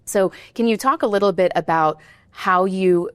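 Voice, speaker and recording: A woman's voice: medium pitch, normal speed, a bit bright, smooth, no room sound. A woman interviewer asking long, winding questions in a studio, often checking in with "right?".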